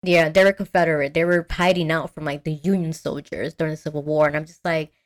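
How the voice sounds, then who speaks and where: A woman's voice: low voice, fairly even intonation, fast. A young woman podcast host casually recapping a cartoon film, telling it with animation, acting out quotes and swearing freely. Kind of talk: casual movie recap chat.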